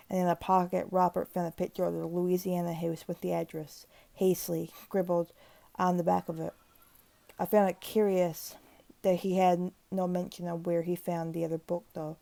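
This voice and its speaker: A woman reading a creepypasta aloud in a steady, grim narration with occasional restarts. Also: on the low side, vocal fry, no room sound. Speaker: horror story narrator.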